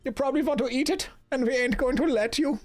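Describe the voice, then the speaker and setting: A man reading game dialogue aloud and voicing a jumpy, suspicious male villager hiding from vampires, in a shrill, squawking high voice with accusing, defensive yelling. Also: lively intonation, a little fast, soft background music. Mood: suspicious, shouting.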